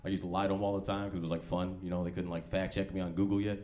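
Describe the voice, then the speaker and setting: A man's voice: low voice, flat delivery, rapid-fire. A man in his thirties doing a stand-up set in a comedy club, talking loose and slangy. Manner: loose, slangy, conversational delivery. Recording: live club recording, background noise.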